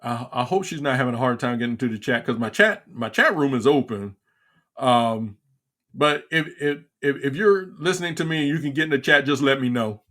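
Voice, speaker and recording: A man's voice: medium pitch, fairly quick, fairly bright tone. A middle-aged man hosting a livestream, ranting in a frustrated, repetitive way with many stumbling restarts. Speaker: livestream talk show host. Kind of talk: casual ranting commentary.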